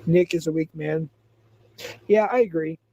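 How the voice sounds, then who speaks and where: A man's voice: a little high, measured pace, warm tone, muffled recording. A man hosting a livestream, chatting casually, rambling, reading chat aloud and laughing often. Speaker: livestream host.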